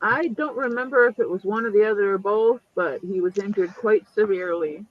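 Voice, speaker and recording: A man's voice: sits high, a little fast, dry recording, narrow, tinny audio. A man in casual chat, joking wryly. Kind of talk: casual chat on a live stream.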